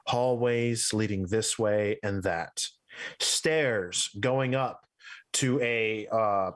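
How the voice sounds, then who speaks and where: Slow-talking man running a tabletop game. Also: on the low side, fairly bright tone. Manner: slow, descriptive scene-setting with fillers. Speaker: game master.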